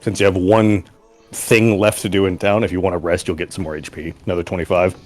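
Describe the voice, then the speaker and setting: A man running a tabletop game as game master, laid-back, laughing often and slipping into quick character voices. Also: sits low, level tone, darkish tone, faint music behind.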